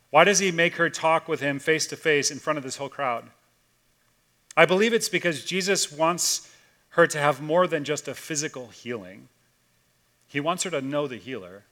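Bright-voiced man preaching casually. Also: fairly high pitch. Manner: casual storytelling, swings between loud and hushed. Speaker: pastor. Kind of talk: conversational sermon.

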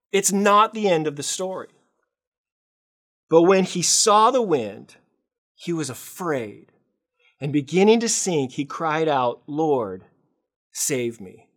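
A man preaching a sermon as pastor, telling the story with animated swings in loudness and acted-out voices. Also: sits high, unhurried. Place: church.

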